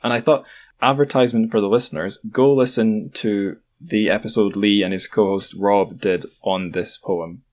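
A man's voice: fairly low pitch, fairly even intonation, moderate pace. A Scottish man co-hosting a podcast, chatting casually with joking asides. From Scotland. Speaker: podcast co-host. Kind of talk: casual chat.

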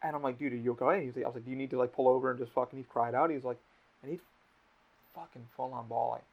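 Gravelly young man on a podcast. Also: medium pitch, fairly even intonation, rapid-fire, lo-fi sound. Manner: emotional, swears a lot, lots of restarts. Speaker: podcast host. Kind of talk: casual podcast chat.

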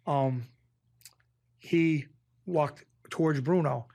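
Man from Springfield, Massachusetts, middle-aged, gravelly voice, rambling animated storytelling, dry close sound. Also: a little high, very slow, no echo. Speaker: podcast guest, former mob bookie. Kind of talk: casual storytelling interview.

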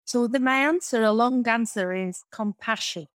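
A woman's voice: on the high side, moderate pace, no room sound, rough recording. A woman answering as a guest coach in an interview, emphatic and repeating her key phrases.

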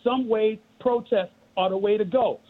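A middle-aged man with a New York accent, a guest in an interview, talking in a forceful, emphatic and preachy way with lots of repetition. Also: high voice, normal speed. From Queens, New York. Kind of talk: impassioned interview talk. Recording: tinny phone line.

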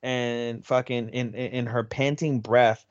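A man's voice: medium pitch, a little slow, no room sound, muffled recording. A man co-hosting an anime podcast, retelling an episode in casual chat with lots of swearing and energy. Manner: energetic retelling, swears freely, slips into Japanese phrases. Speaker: podcast co-host.

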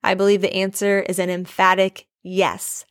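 A woman prays and then teaches a Bible lesson in an earnest, conversational tone, often asking her listeners questions. Her voice sits at an ordinary middle pitch. The recording is dry and close to the microphone. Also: completely flat delivery, normal speed, smooth, no room sound.

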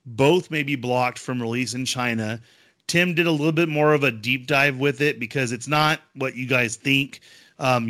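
Male podcast co-host, excitable casual chatter, bright tone. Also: medium pitch, no room sound, studio quality. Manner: chatty, excitable, with frequent fillers. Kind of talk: casual chat.

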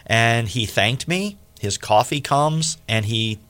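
A man hosting a faith radio interview, telling a story with lively acted-out quotes. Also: takes it slowly. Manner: animated, acts out quoted speech with big pitch jumps. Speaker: radio show host.

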